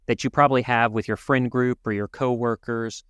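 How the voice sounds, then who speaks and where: A man co-hosting a podcast, talking through world events in an earnest, measured way with some restarts. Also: mid-range voice, steady tone, fairly bright tone, smooth, no echo. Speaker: podcast co-host. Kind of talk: casual conversational commentary.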